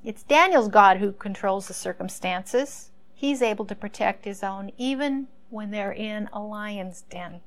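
A woman's voice: medium pitch, unhurried, few pauses. A woman in a mid-range voice retells a Bible story as a lesson. She muses aloud in a conversational way and often turns to the listeners with rhetorical questions. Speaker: Bible teacher.

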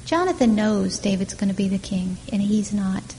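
A woman giving a Bible teaching, retelling the story with lively questions to her listeners. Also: mid-range voice, moderate pace. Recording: long hall reverb, faint background noise.

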